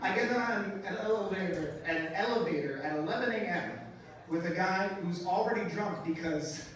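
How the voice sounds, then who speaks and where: A man's voice: high voice, normal speed. A man doing a stand-up comedy set in a club, with a brash, profane, mock-outraged delivery. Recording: roomy live club sound, mic heard from a distance, crowd. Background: audience laughter.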